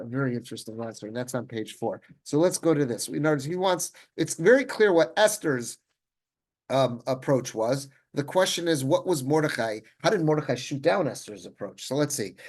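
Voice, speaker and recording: Speaking at a medium pitch and a little fast, this rabbi teaches Torah with lively, chatty energy. He often breaks off and restarts his sentences, dropping Hebrew words throughout.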